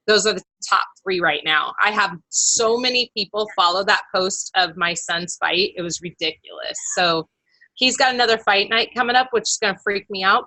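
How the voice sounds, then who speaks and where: A woman with a bright, mid-pitched voice talks in a casual group chat. She is upbeat and encouraging as she passes on tips. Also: rough recording.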